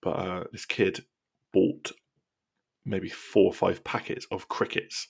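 A young man co-hosting a casual podcast, chatty and quick to laugh at his own ideas. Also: sits low, flat delivery, creaky, husky. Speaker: podcast co-host. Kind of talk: casual chat.

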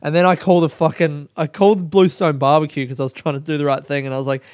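A man tells a personal story in a loose, animated monologue, swearing freely. His voice sits a little high and stays smooth and clear. The recording is close and dry. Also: fast talker, no room sound. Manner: animated and profane, with frequent laughter. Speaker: solo storyteller.

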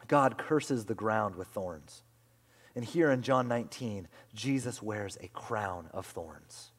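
A man preaching a sermon as pastor, swinging from loud emphatic lines to hushed whispers. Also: mid-range voice. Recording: long hall reverb.

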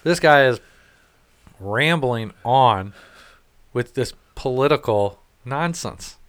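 A man's voice: medium pitch, expressive, slow, fairly bright tone, smooth. A man co-hosting a casual podcast, telling rambling, profane stories with laughs. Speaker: podcast co-host. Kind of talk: casual chat, storytelling.

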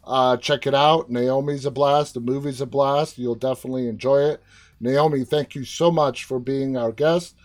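A man's voice: medium pitch, steady tone, normal speed, darkish tone. A man hosting an interview over a video call, upbeat and wrapping things up with a sign-off. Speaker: interview host. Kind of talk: casual interview.

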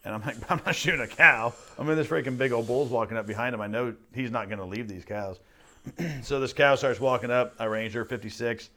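A man's voice: medium pitch, fairly quick. A man hosting a podcast, telling a hunting story in casual chat and acting out what he said at the time. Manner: animated storyteller, acts out his own lines. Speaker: podcast host.

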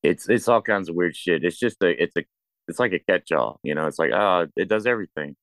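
Deep-voiced man chatting about movies. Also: animated, a little fast, no room sound. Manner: rambling, swears freely, many restarts. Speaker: podcast co-host. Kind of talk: casual film review chat.

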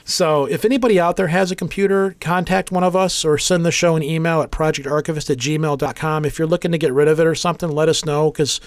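A man in his forties hosting a casual podcast, telling rambling stories quickly and acting out the other people's lines. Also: a little high, fairly even intonation, dry recording. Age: 40s. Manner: rapid, rambling storyteller who acts out dialogue. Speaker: podcast host. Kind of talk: casual chat, storytelling.

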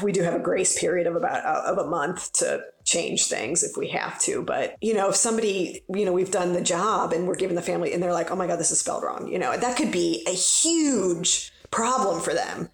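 A woman's voice: fairly low pitch, animated, fairly quick, vocal fry. A woman in her forties who works as a funeral director, talking in a casual, rambling way with lots of fillers. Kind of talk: casual podcast conversation. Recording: roomy echo.

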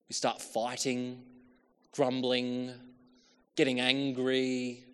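A man delivers a storytelling sermon at an ordinary middle pitch. He acts out little quotes, moving from hushed asides to loud calls. A long hall reverb trails every phrase. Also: monotone, drawn-out words, clear, resonant tone. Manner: storytelling with acted-out quotes, shifts from hushed to calling out. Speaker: preacher.

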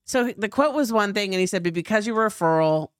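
A woman's voice: mid-range voice, animated, fast talker, clear, resonant tone, dry recording, clean studio sound. A middle-aged woman co-hosting a podcast, chatty and playful, often jumping in during casual chat. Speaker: podcast co-host.

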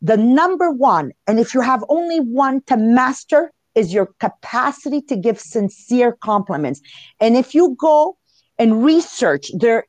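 A woman in her fifties with a heavy Italian accent, co-hosting a live podcast in a lively, chatty way and addressing listeners directly. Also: on the high side, no echo. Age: 50s. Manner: animated, laughs often, talks to listeners. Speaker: podcast co-host. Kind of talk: casual live podcast talk.

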